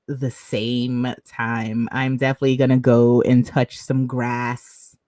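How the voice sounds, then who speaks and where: A woman co-hosting a podcast, telling stories in an animated way and laughing often. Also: rumbling low, slow pace, dry recording. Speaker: podcast co-host. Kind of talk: casual chat.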